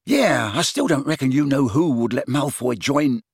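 A man's voice: medium pitch, expressive, normal speed, gravelly, husky, no echo, clean studio sound, pitched above the performer's own voice. A man voicing a vague, disbelieving teenage boy who scoffs at a friend's idea. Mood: incredulous. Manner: incredulous, mocking.

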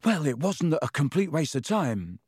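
A man voicing an excitable teenage schoolboy who talks with eager urgency. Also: medium pitch, a little fast, no echo, clean studio sound, natural voice.

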